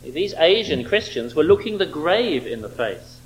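Male preacher, high voice with lively swings, emphatic, rhetorical questions. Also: measured pace, rough recording. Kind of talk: sermon.

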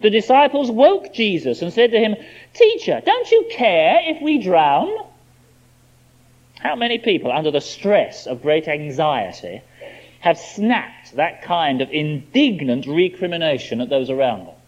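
A male preacher delivering an expository sermon with lively, animated intonation. His voice sits a little high, and he drives his points home with emphasis. The recording sounds dull and lo-fi. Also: normal speed.

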